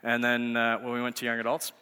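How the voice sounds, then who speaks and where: A man's voice: medium pitch, monotone, fast, sharp tone, clear, resonant tone. A man in his thirties, a youth pastor, giving a sermon through conversational storytelling. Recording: echoey hall reverb.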